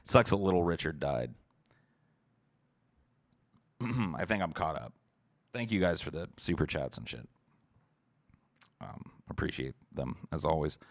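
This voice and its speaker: A man's voice: extremely low pitch, sing-song, a little slow, long pauses, no room sound. A podcast host, a man, giving a heated, profane livestream rant while answering chat messages.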